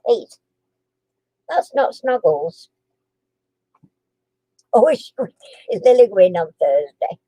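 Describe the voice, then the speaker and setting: Woman, husky, slow, dry close sound, casual live chat host. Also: medium pitch, sing-song, mellow, dry recording, poor audio. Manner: chatty, giggly, coos to her dog.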